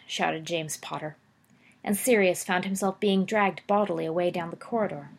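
A woman narrating a story aloud, expressive with occasional slips and self-corrections. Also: lowish voice, normal speed, creaky. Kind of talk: audiobook narration of fan fiction.

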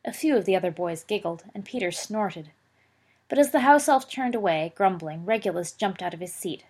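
Woman storybook narrator, expressive, slightly raspy. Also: mid-range voice, moderate pace. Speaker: audiobook reader.

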